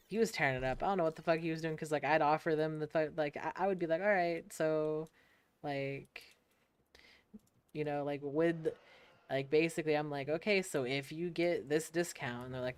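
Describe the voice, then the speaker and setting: A woman's voice: deep voice, steady tone, moderate pace, darkish tone, clear, resonant tone. A young woman from the United States, streaming a game and casually telling stories, laughing and swearing as she acts out other people. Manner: laid-back, swears freely, laughs often, acts out quoted people. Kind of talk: casual storytelling while gaming.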